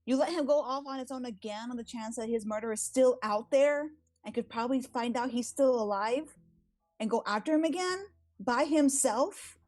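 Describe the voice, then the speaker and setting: A woman voicing a furious young woman in a tabletop game, speaking slowly and bitingly as she accuses. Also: a little high, a little mellow, dry recording, studio quality, faint music behind, voice pushed up, natural voice. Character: furious young woman confronting her father.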